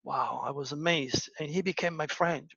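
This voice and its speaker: At a normal speed, with vocal fry and a breathy edge, an astrologer recounts stories casually and acts out the voices of those involved through big pitch swings. The lo-fi recording sounds dull and dry, without echo.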